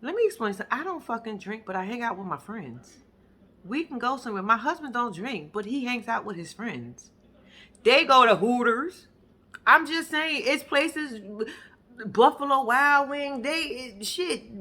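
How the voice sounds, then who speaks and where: A woman's voice: high-pitched, sharp tone. A woman recapping a reality show in casual chat. She is blunt and swears a lot, and she talks straight to her viewers. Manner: blunt, profane, emphatic storytelling; addresses viewers directly. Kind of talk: casual episode reaction chat.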